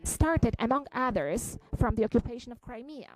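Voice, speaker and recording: A woman giving a simultaneous interpretation at a press conference, halting, with frequent fillers and restarts. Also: mid-range voice, a little mellow, rough recording.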